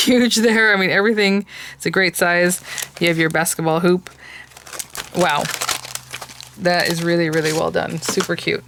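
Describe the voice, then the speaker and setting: A woman's voice: on the low side, a bit bright, slight background noise. A woman hosting a craft channel, chatting through a product unboxing in a gushing way with many fillers.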